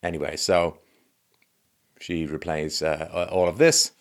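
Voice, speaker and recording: A man's voice: steady tone, unhurried. Sarcastic male commentary host. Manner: sarcastic, conversational, drops low for asides. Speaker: podcast host. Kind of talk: opinion commentary.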